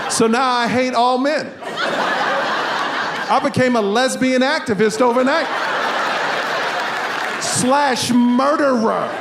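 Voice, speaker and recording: A man performing a stand-up comedy set on stage, telling stories with sudden shouted punchlines. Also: very high-pitched, very noisy. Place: comedy stage before a live audience.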